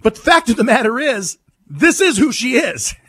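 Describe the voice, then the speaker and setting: A man's voice: extremely high pitch, very animated, normal speed, fairly bright tone, breathy edge, no echo. A man hosting a political talk radio show, emphatic and mocking, who repeats his points and hammers them home.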